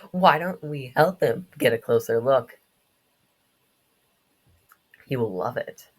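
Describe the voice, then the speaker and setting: A woman voicing a cruel teenage bully who sneers in a low, quiet voice. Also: animated, slow pace, heavily acted. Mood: mocking. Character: mean teenage boy bully, mocking and cruel.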